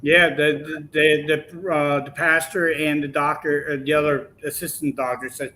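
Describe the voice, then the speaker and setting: A man guest telling a long personal story in a lively, animated way, acting out the voices he quotes. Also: a little high, moderate pace, hardly any pauses, a little hiss or hum, low-quality recording. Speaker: podcast guest. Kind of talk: casual storytelling.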